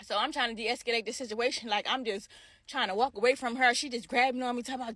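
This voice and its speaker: A woman's voice: fairly high pitch, fast talker, no room sound. A woman vlogger telling a dramatic story in a casual storytime style, acting out heated quotes and talking straight to her viewers. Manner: dramatic retelling with shouted quotes, addresses viewers directly.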